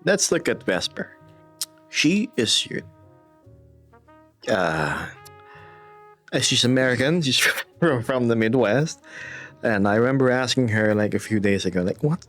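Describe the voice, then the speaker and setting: A male streamer talking casually to his chat. His voice leaps up and down in pitch as he jokes, laughs and sometimes slips into a whisper. Faint music plays underneath. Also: unhurried, pauses often. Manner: animated, playful, laughing often, jokey whispers.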